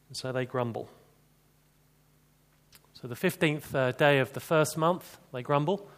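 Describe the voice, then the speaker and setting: A man's voice: medium pitch, measured pace, long pauses, a bit bright. A man preaching an expository sermon, chatty, with rhetorical questions and dry humor.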